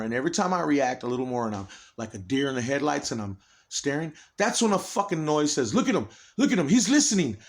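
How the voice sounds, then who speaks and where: A man in an agitated, rambling personal monologue, swearing heavily and restarting his sentences often. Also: medium pitch.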